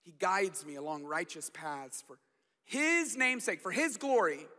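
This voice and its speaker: A man's voice: high-pitched, expressive, a little slow, pushed and bright, long reverb tail. A man preaching a sermon as pastor, chatty and storytelling, often repeating words.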